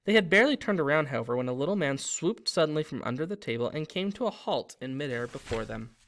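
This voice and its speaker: A man reading a story aloud in a steady narrating voice, with small slips and restarts. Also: a little high, fast talker. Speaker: reader.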